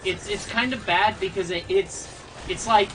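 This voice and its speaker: A man chatting casually with friends on a stream, rambling and halting, teasing and joking. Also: sits high, background noise. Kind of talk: casual chat among friends.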